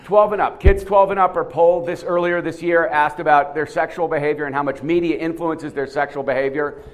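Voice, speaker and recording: A man's voice: a little high, brisk. Man quizzing a live audience. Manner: animated, questioning the audience, repeats words. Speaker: seminar speaker running a quiz. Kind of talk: lively lecture with audience quiz. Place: conference room with a live audience.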